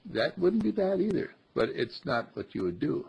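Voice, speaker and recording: Gravelly, husky man teaching slowly. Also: mid-range voice, sing-song, darkish tone. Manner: slow, emphatic, repeats phrases like a chant. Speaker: spiritual teacher. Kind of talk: teaching talk to a small group. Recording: dull lo-fi recording.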